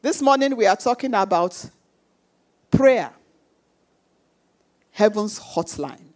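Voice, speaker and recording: A woman's voice: medium pitch, animated, slow, pauses often. A woman preaching a sermon with emphatic repetition, acting out the voices of the people in her stories. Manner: emphatic, repeats phrases, acts out quoted voices.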